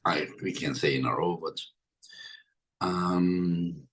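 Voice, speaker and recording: A man's voice: deep voice, fairly even intonation, takes it slowly, a bit bright, husky. A tired man hosting a livestream in casual chat, greeting his viewers by name one after another. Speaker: livestream host.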